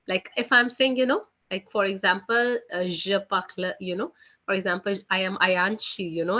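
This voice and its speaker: A woman's voice: medium pitch, bright, forceful tone, highs cut off. A woman teaching French in a live online class, chatty, leaning on "you know" and "guys". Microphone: video call.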